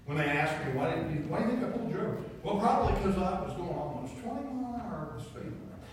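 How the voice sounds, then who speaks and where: A man's voice: sits high, animated, fast talker, slight background noise. A man preaching a sermon to a congregation, telling folksy stories with rising emphasis. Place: church sanctuary. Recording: echoey church hall from a distance.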